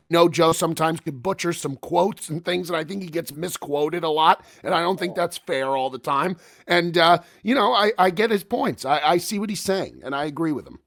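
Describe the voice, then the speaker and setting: A man's voice: fairly high pitch, fairly bright tone. A man hosting a podcast, talking casually and earnestly with plenty of restarts. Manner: earnest, then teasing. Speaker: podcast host. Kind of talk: casual chat.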